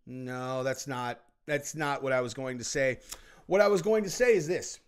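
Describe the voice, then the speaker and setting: A man's voice: mid-range voice, normal speed, smooth. A man hosting his own show, giving casual opinion commentary in a rambling, emphatic way with frequent restarts. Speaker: show host.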